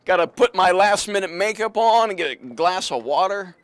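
A man's voice: sits high, no room sound. A man anchoring the news, chatting and joking casually in a TV newsroom before the broadcast. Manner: joking, animated, quick-talking. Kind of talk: casual behind-the-scenes chat.

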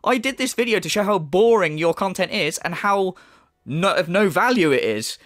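Sarcastic man ranting, very animated. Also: high-pitched, normal speed, dry recording, studio quality. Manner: sarcastic, profane, mocking. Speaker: YouTube commentator. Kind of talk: ranting commentary.

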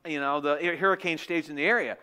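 A preacher mimicking a blunt airline agent. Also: male voice, on the high side, fast, sharp tone, clear, resonant tone, pitched below the performer's own voice. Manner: blunt, dismissive. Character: curt, flat female airline phone agent.

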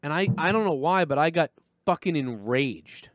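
A man's voice: on the high side, expressive, normal speed, dry recording, studio quality. A man hosting a live show, telling profane, rambling stories in casual chat.

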